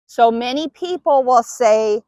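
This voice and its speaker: A woman's voice: on the high side, unhurried, a little mellow, no echo. A woman dog trainer patiently explaining each step while giving cues and praise to her dog. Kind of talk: instructional demonstration.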